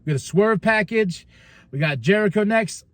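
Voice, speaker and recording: Guy hosting a wrestling recap podcast, kinda high voice, dry close sound, laughs a lot. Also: no echo. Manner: animated, does quick mock voices when quoting; laughs often, stumbles and restarts. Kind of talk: casual recap monologue.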